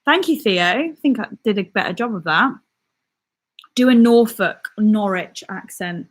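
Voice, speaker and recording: This is a young comedian and YouTuber, originally from the West Midlands, whose accent combines West Midlands and southern English features. Her medium-pitched voice moves at a measured pace as she chats casually through viewer comments on a live stream, laughing frequently.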